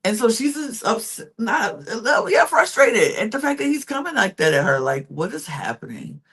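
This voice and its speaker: A young woman gives a casual recap of reality TV. Her pitch swoops up and down as she talks. She is sassy and animated, and she keeps slipping into the voices of the people she quotes. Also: normal speed, slightly rough. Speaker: podcast host recapping reality TV.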